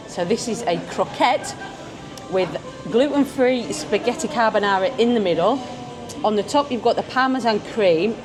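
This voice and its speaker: A woman vlogging at a beachfront restaurant, chatting casually as she tastes tapas and hums her approval at each bite. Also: medium pitch. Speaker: food vlogger. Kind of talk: casual food-tasting commentary. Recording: busy restaurant crowd behind.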